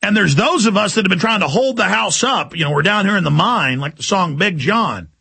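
A male talk radio host rants in an agitated, mocking way. His voice is high and bright, with a raspy, gravelly texture that stays through the whole monologue. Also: lively intonation, brisk. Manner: agitated, ranting, mocking quotes.

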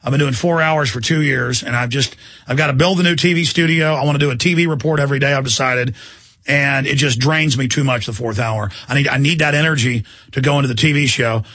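A man in middle age rants on his talk radio show, his voice bright and edgy with a husky grain. He fires off heated, insulting tirades at his audience, pitched a bit high, recorded dry and close in a studio. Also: steady tone, quick pace, no room sound. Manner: combative, insulting, heated ranting. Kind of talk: ranting talk radio monologue. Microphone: studio microphone.

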